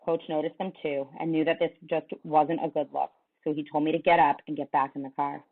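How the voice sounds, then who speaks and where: A woman teacher reading a novel aloud to her class, with an expressive delivery. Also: low voice, brisk. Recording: tinny phone-like sound.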